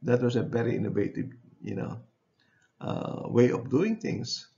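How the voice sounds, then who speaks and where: A man giving a university lecture. He speaks haltingly, often repeats phrases and checks in with his class using "okay". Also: medium pitch, big pitch swings, vocal fry, warm tone, muffled recording.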